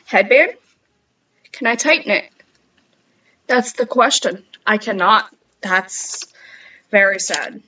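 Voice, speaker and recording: A woman's voice: mid-range voice, takes it slowly, pauses often, sharp tone, far from the mic, highs cut off. A young woman streamer chatting casually, rambling and giggling at herself. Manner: giggly, rambling, self-mocking. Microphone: headset.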